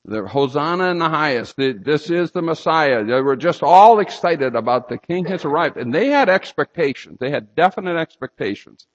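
A man preaching a sermon, telling stories and sometimes breaking into loud outbursts. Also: medium pitch. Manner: storytelling with sudden loud outbursts. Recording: slightly dull lo-fi sound.

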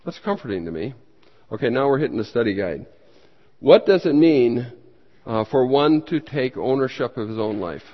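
A man's voice: very animated, normal speed. A man preaching as a pastor, teaching a Bible study with emphatic bursts and questions that he puts to the room and then answers himself. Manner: emphatic, with sudden rises in pitch and loudness. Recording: dull sound with long hall reverb.

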